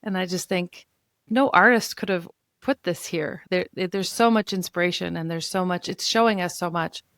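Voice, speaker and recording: Woman podcast host, lowish voice, thoughtful and enthusiastic, dry close sound. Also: normal speed, a bit bright, no echo. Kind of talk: casual interview chat.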